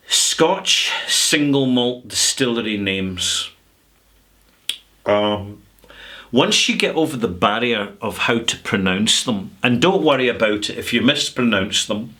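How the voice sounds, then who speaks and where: A middle-aged Scottish man holds forth in a chatty, sarcastic vlog rant. He draws out his words for emphasis. His tone is bright and forward. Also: mid-range voice. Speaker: whisky vlogger. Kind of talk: casual rant to camera.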